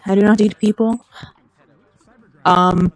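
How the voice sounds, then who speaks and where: Game streamer, excitable, rambling, jokey, mid-pitched voice, dry close sound. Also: slow, no echo, poor audio. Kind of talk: casual live-stream chatter while gaming.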